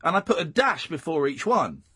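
A man's voice: on the high side, a little fast, breathy edge, no room sound, studio quality. A man hosting a late-night phone-in radio show with an English accent, reading listeners' news and joking with callers. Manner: playful, jokey, lively with callers. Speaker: radio host. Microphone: studio microphone.

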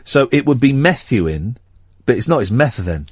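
A man hosting a late-night talk radio show, chatting in a wry, meandering way with a slightly husky voice. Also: medium pitch, very fast, darkish tone, dry recording, clean studio sound. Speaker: radio host.

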